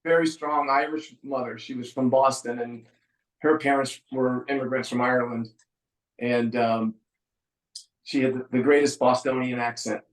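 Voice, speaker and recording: A middle-aged San Francisco musician, appearing as a guest, chats casually in a mid-range voice at a moderate pace. He's a relaxed storyteller with dry humor and frequent ums, and the audio is poor and reverberant.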